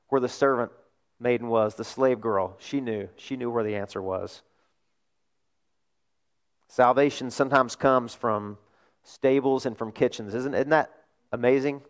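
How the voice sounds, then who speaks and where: A male pastor preaching a sermon, telling a story in an animated way and asking rhetorical questions. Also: medium pitch, a little slow, pauses often.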